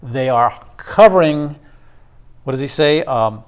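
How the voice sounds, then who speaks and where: A man's voice: medium pitch, lively intonation. Man, lecturer, classroom talk, stop-start delivery, plenty of ums, everyday mid-range voice. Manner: halting, with many fillers and restarts. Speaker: instructor.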